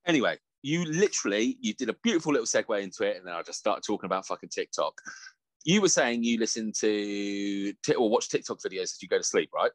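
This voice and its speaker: A man's voice: on the low side, lively intonation, fast talker, no room sound. A man co-hosting a casual podcast chat, laughing often, swearing freely and slipping into mock voices. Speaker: podcast co-host.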